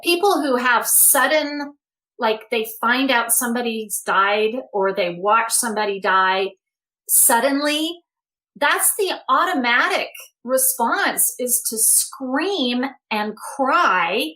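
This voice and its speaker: A woman's voice: a little high, animated, slow, pushed and bright. A woman speaking as a guest coach in a podcast conversation, earnest and emphatic as she advocates for letting emotions out.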